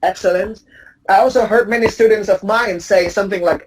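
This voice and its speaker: Mid-pitched woman teacher running a pronunciation drill. She corrects patiently and repeats each word slowly and clearly as a model. A faint hiss sits under her voice. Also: darkish tone, rough recording.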